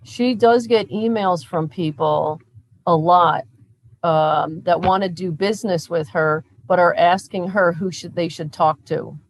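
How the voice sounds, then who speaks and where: A middle-aged woman, a mother and podcast guest, telling stories in a lively, animated way. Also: on the low side, unhurried, rough recording. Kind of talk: casual interview chat.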